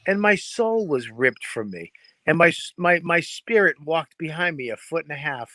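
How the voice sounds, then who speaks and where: A man with a fairly high voice, talking in a dry, close sound with crickets chirping behind him. He co-hosts a casual chat show and tells stories with lots of swearing, acting out noises as he goes. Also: normal speed, dry recording. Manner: profane, animated storyteller who mimics noises. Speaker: podcast co-host. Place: home in New Hampshire, crickets behind.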